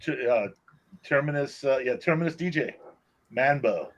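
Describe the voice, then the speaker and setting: A man playing in a tabletop game, slow and playful. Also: mid-range voice. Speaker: player. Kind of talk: casual chat during a tabletop game. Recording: dull lo-fi mic.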